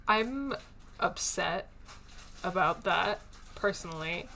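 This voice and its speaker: Woman, game streamer, casual chatty commentary, bright voice, lowish pitch. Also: lively intonation, very slow, vocal fry, slight background noise. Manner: chatty, thinks aloud with many fillers. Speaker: streamer playing a story game. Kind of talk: casual let's-play commentary.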